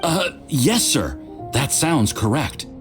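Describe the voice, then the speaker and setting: A man voicing an eager young research assistant in a video game, excitable and quick to catch himself. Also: medium pitch. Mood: sheepish. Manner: excitable, rushes then checks himself. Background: game music.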